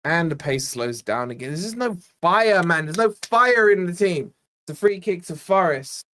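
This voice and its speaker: A young man from Scotland hosting a live fan watch-along, giving exasperated, chatty play-by-play and reading out viewer shout-outs. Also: high-pitched, animated, normal speed. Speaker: fan channel host.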